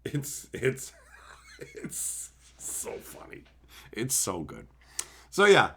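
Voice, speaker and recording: A man hosting a casual livestream, chatting with viewers in a profane, animated way and slipping into quick silly impressions. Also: mid-range voice, creaky. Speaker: livestream host. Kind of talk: casual livestream chat, reading viewer messages.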